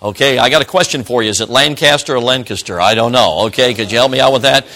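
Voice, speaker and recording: A man's voice: medium pitch, very fast, sharp tone. A middle-aged man from Chicago, a traveling evangelist preaching a sermon to a congregation in a folksy, chatty way that draws the listeners in. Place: church service.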